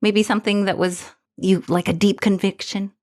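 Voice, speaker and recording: In relaxed podcast chat, a female co-host with a mid-range voice stays animated and breaks into laughter easily.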